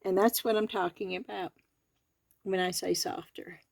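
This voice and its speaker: A crafting video host in her home garage reviews a craft kit as she goes, counting the pieces aloud in a friendly, homespun Southern US accent. Her mid-range voice is creaky and fairly even, at a moderate pace, recorded with no echo.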